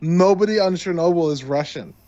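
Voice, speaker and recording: A podcast co-host in casual chat, quick and teasing, who swears freely. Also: medium pitch, dull audio, a crowd in the background.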